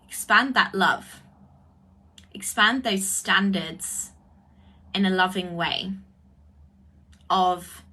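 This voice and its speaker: Bright-voiced woman on a livestream. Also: medium pitch. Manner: effusive, drawn-out exclamations. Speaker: spiritual coach. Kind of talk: livestream talk answering comments. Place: indoors, live video stream.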